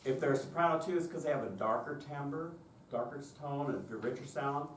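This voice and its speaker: A man with a fairly high, brisk voice presents a conference workshop for choir directors. He explains his methods one step at a time, demonstrates them, and keeps asking the audience "okay?", heard in a roomy, distant recording with faint noise.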